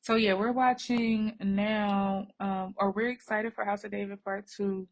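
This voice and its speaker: At home on a bed, a mother braids her daughter's hair for a vlog, chatting in an easygoing, rambling manner and addressing viewers as y'all. Her medium-pitched voice is flat and measured in pace.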